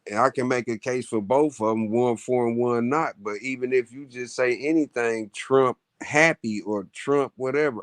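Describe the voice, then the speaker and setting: A man's voice: mid-range voice, moderate pace, few pauses, no echo. A man guest in a casual chat, rambling loosely and often asking "you know what I mean".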